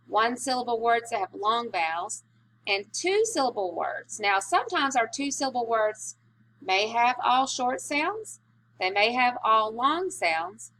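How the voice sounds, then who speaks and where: A woman teaching a recorded spelling lesson, patient and slow, stretching out vowel sounds. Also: on the high side, a bit bright, a little hiss or hum.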